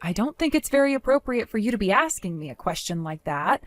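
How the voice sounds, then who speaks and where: A young woman guarding her savings is voiced by an actress who stays calm, firm and measured, speaking articulately in a dramatized story. Her mid-range voice sounds natural, with no echo.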